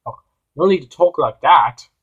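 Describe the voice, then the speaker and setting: A man's voice: on the high side, animated, normal speed, fairly bright tone, breathy edge, lo-fi sound, pitched above the performer's own voice. A man voicing a fussy, lecturing male engine in a homemade toy-train story. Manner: prim, lecturing.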